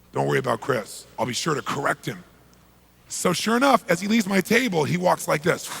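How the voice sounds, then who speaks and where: A middle-aged man, a motivational speaker, telling a story emphatically, swinging from loud bursts to hushed lines. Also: on the high side, gravelly, slight background noise.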